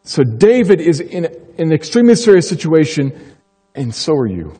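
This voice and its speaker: A man preaching a sermon as pastor, emphatic and slowing down to stress key phrases. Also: fairly high pitch, big pitch swings, mellow, breathy edge, in a large hall.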